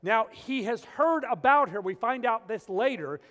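A man with a high-pitched voice delivers a sermon from the pulpit. He tells humorous, animated stories that build into the teaching. The sound rings out with the long reverb of a large hall. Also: normal speed. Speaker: pastor.

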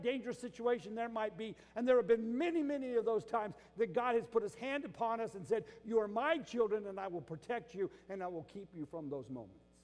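An older man preaching a sermon, moving between loud emphatic bursts and quiet, hushed stretches. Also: very high-pitched, big-room sound. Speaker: pastor.

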